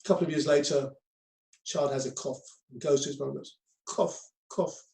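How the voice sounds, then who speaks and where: A man's voice: fairly high pitch, flat delivery, fast talker, creaky, darkish tone, echoey room, poor audio. A man giving a conversational lecture on crisis management to a group, often repeating himself with many ums.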